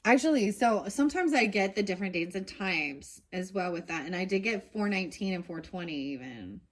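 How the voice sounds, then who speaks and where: A middle-aged mother working as a tarot card reader chats casually while pulling and reading cards. Her mid-range voice is lively in intonation and a little fast, and she rambles, saying "dude" and "you know" a lot.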